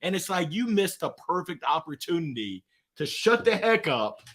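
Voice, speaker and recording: High, bright-voiced energetic man. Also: moderate pace. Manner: energetic, preachy, slangy storytelling. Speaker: guest, author. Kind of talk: motivational interview talk.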